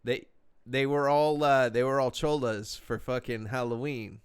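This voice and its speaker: A man's voice: mid-range voice, steady tone, a little slow, smooth. A young man casually telling a story on a podcast, laid-back and profane, full of slang and fillers.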